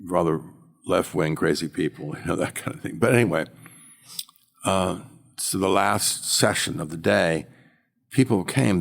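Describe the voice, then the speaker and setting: An older man, a former auctioneer, telling animated anecdotes as an interview guest. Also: sits low, creaky. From United States. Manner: animated storyteller, acts out quotes.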